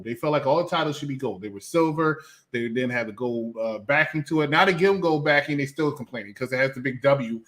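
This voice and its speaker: A man's voice: medium pitch, a bit bright. A man co-hosting a wrestling podcast, talking in an emphatic, ranting way with bursts of laughter. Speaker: podcast co-host. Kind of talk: casual wrestling chat.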